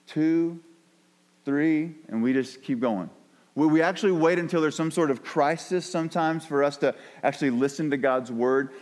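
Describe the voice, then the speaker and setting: A male pastor preaching a sermon in a conversational, emphatic way, repeating words for stress. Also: fairly high pitch. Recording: long hall reverb.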